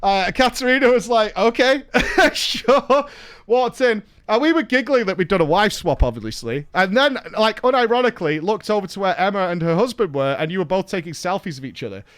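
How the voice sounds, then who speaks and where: High, smooth-voiced man telling stories. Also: quick pace, few pauses. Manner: animated, laughing, swears casually. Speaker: streamer host. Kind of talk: casual storytelling chat.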